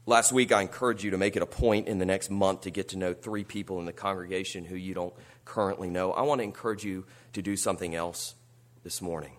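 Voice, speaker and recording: A man preaching a sermon, earnest, moving between quiet reflection and rising, emphatic appeals. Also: deep voice. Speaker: pastor.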